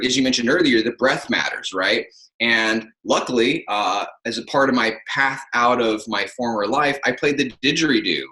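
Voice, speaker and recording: A man's voice: medium pitch, pushed and bright, roomy sound, low-quality recording. A man who narrates audiobooks, talking in a podcast interview and acting out example phrasings as he explains.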